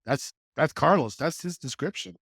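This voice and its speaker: A man in his sixties from California, a podcast guest telling his life story in a casual, animated way and acting out the quoted dialogue. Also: normal speed, vocal fry, breathy edge, no echo, clean studio sound. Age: 60s. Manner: animated, acts out quoted dialogue with lively pitch jumps. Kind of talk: conversational storytelling.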